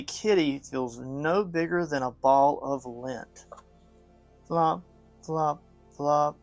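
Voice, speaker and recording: A man hosting an art studio video, reading a picture book aloud in a gentle, measured way and chatting to viewers while he paints. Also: fairly high pitch, no echo, soft background music. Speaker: art studio host and father.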